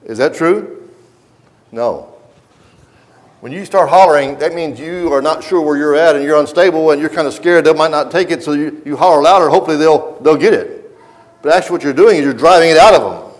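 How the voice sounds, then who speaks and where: A middle-aged man preaching a sermon in an earnest manner, often restarting his sentences and reading passages aloud from a book. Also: fairly high pitch. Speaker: pastor.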